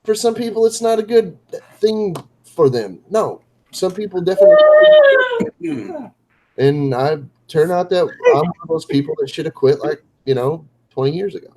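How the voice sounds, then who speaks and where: A man's voice: high-pitched, lively intonation, normal speed, mellow, rough recording. A man chatting casually on a late-night livestream, rambling and poking fun at himself with lots of fillers. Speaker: co-host of a livestream.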